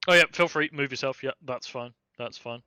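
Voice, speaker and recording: A man narrating as game master in a tabletop game, chatty and relaxed with many fillers. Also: mid-range voice, a little fast, clear, resonant tone, no echo, muffled recording.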